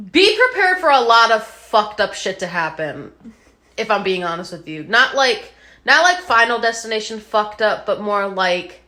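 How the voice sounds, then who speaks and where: A bright, sharp-toned woman chats her way through a casual podcast. She strings her thoughts together with plenty of fillers and drops the odd swear word without a second thought. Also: medium pitch, very animated, measured pace. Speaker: podcast co-host.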